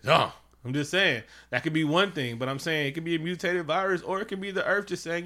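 A man co-hosting a casual comedic chat at home, animated and profane, often slipping into mocking quoted voices. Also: on the high side, fairly quick. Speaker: podcast co-host.

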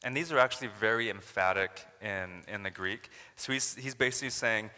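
A man's voice: fairly low pitch, moderate pace, pushed and bright, long reverb tail. A man from Canada preaching a sermon as a pastor, earnest and building to emphatic paraphrases of scripture.

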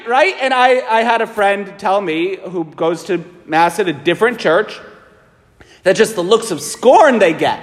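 A man, a priest, preaching a sermon in an animated, emphatic way, asking his listeners rhetorical questions. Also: high-pitched, unhurried. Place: large church. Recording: long church reverb.

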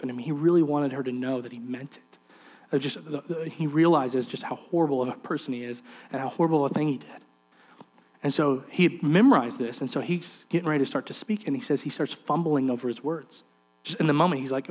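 A man delivers a sermon as a story, his voice sitting a little higher than most men's. He acts out the people in the story as he goes. He turns often to urge the listeners directly. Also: normal speed. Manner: animated storyteller acting out quoted voices. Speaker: preacher.

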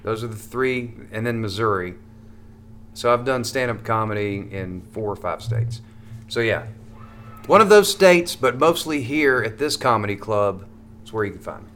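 A man's voice: lowish voice, animated, normal speed, fairly bright tone, a little hiss or hum. Joking, profane man riffing as a guest. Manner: joking, profane, rambling riffs. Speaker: stand-up comedian and podcast guest. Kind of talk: casual joking chat. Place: comedy club.

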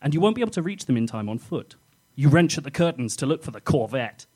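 A man's voice: mid-range voice, very animated, fast talker, mellow, breathy edge. A man telling his own comic second-person story to friends, playful and often laughing.

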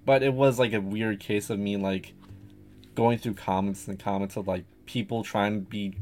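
A man's voice: fairly low pitch, steady tone, normal speed, a little mellow, faint music behind. A man talking casually as a podcast guest, rambling and hesitant with many fillers and restarts. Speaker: guest artist.

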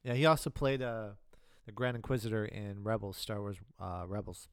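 Smooth-voiced man chatting about movies. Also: fairly low pitch, moderate pace, dry recording, clean studio sound. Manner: relaxed, casual swearing, fillers like uh. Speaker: podcast co-host. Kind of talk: casual chat.

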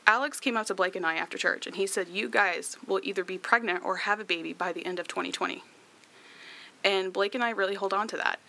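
A woman's voice: medium pitch, fairly even intonation, fast, vocal fry, pushed and bright. A young woman chatting through a personal story, with many fillers and laughs, tearful at times. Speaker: guest sharing her story.

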